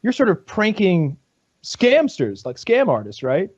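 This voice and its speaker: A man's voice: sits high, wildly swooping pitch, measured pace, lo-fi sound. A man hosting a podcast, joking and swearing casually in loose chat. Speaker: podcast host.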